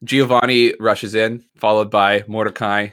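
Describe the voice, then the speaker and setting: A man's voice: fairly low pitch, level tone, measured pace, fairly bright tone. A man narrating as game master of a tabletop role-playing game, casual and laughing. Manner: casual, laughing, lots of fillers.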